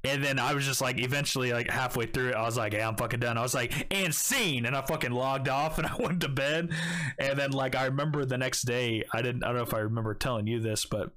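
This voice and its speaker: A man's voice: medium pitch, fairly even intonation, fast, fairly bright tone. A young man co-hosting a podcast, telling crude stories in casual chat with lots of laughing. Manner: crude, laughing, storytelling with put-on quotes. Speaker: podcast co-host.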